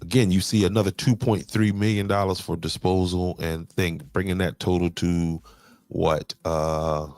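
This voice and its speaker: Brief: deep-voiced male podcast host, dry close mic, faint music, repeats himself. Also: steady tone, normal speed, a little mellow, dry recording. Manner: repeats words, restarts and says "okay" often. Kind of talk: explaining local county finances to viewers.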